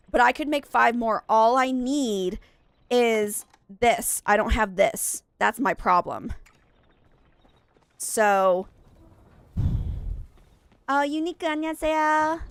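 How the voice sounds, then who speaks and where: This is a young woman's casual live-stream chat as she plays a game, rambling to viewers and often correcting herself, her nose audibly stuffed up. She speaks with a fairly high, fairly bright voice and vocal fry, and there's no room sound.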